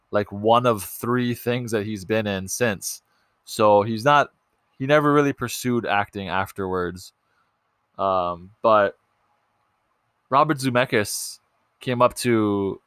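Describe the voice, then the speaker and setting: A man's voice: fairly low pitch, unhurried, pauses often, fairly bright tone, clear, resonant tone, no echo. A young man hosting a casual movie podcast, chatty and loose, with lots of ums and restarts. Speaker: podcast host.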